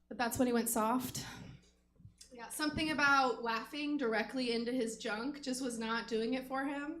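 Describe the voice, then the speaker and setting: A woman comic with a high, bright voice tells frank, self-mocking stories on a theater stage, giggling between lines. The room is echoey. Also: moderate pace, a little hiss or hum. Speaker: stand-up comic. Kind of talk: stand-up set.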